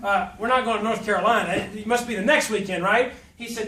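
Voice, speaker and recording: A man's voice: high-pitched, fast talker, hardly any pauses, pushed and bright. A man from South Louisiana, giving a folksy, humorous motivational speech and telling stories. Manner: folksy, humorous, puts on voices when quoting. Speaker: motivational speaker. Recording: echoey hall from far off.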